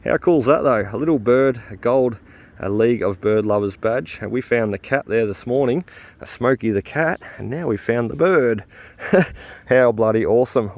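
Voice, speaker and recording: A man's voice: fairly low pitch, a little mellow. A man, hosting a detecting vlog outdoors in casual, chatty talk. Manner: chatty, laughs easily, many uh fillers. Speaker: detecting channel host. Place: outdoors in a field.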